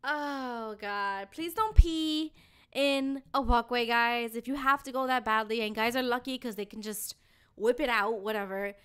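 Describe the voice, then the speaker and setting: A young woman with a high voice tells a story on a casual podcast. She swears freely and slips into the voices of the people she describes. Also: unhurried, clear, resonant tone. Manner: animated, swears a lot, acts out the people in her story. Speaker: podcast host.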